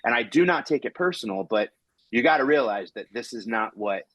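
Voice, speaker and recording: A man's voice: mid-range voice, lively intonation, a little fast, a bit bright, no room sound, low-quality recording. Dry-sounding man in casual chat. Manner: rambling, restarts, acts out quoted exchanges. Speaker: comedian podcast host.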